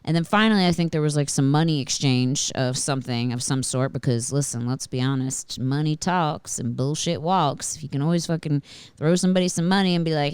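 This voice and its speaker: A woman with a low, smooth voice hosts a podcast, telling a story in a loose, animated way full of swearing and fillers. She is close to the mic in a dry, dead room. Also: brisk, no echo. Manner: animated and profane, with frequent swearing and filler words. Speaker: podcast host. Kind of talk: casual storytelling monologue.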